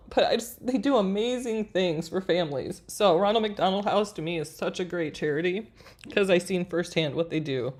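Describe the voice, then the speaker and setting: Woman, forties, craft stream host, chatty with viewers, low-ish voice. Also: moderate pace, a little mellow. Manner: chatty, talks to viewers as friends while working. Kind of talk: live screen-share tutorial with viewer chat.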